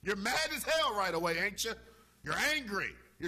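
Fired-up, bright-voiced sports radio man. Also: high voice, moderate pace. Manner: animated, emphatic, fired-up arguing; talks straight to listeners. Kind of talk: sports talk radio monologue.

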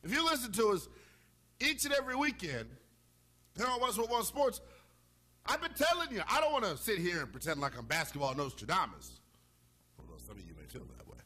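Sports radio host, male, high bright voice, big swings in pitch, emphatic rant to listeners. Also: brisk, pauses often. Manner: animated, emphatic, fired-up arguing; talks straight to listeners. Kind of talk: sports talk radio monologue.

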